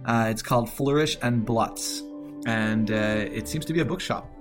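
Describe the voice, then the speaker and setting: A man's voice: mid-range voice, normal speed, music in the background. A man running a tabletop game as game master, making things up as he goes and laughing often.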